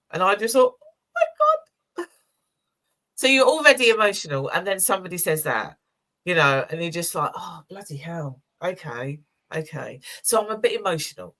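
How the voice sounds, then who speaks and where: A woman in her sixties co-hosting a community chat show, telling personal stories in an emotional, chatty way. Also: low-pitched. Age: 60s. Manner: warm, emotional storytelling with laughs. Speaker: co-host. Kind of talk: casual chat.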